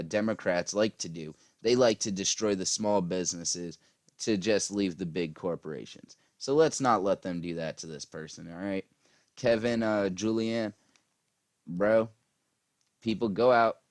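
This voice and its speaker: A man's voice: low voice, no room sound, studio quality. A man ranting casually about politics, profane and rambling with lots of fillers, tired after a long day. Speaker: political commentary vlogger.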